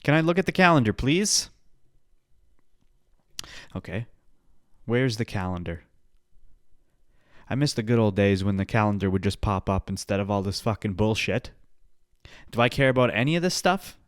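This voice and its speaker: A man hosting his own podcast alone, rambling in a profane pep-talk style with sudden loud outbursts. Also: fairly low pitch, normal speed, pauses often, no room sound, studio quality. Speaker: podcast host. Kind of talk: casual solo podcast chat.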